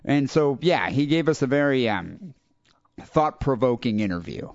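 A young adult man hosting a podcast, telling a rambling story in a casual, animated way and acting out other people's lines. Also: mid-range voice, moderate pace, no echo. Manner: animated, quotes people in raised voices. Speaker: podcast host. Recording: dull lo-fi dry podcast audio.

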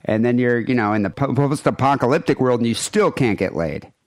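Crude joking podcast host guy, mid pitch, dead dry mic. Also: animated, fairly quick, darkish tone, dry recording. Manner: joking, teasing, bold. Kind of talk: casual crude chat.

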